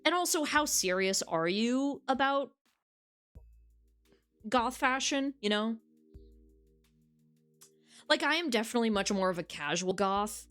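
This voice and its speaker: A woman's voice: fairly high pitch, lively intonation, unhurried, long pauses, a bit bright, smooth, soft background music. A woman streaming a dating game, reading its text aloud and chatting casually with viewers, frank and swearing freely.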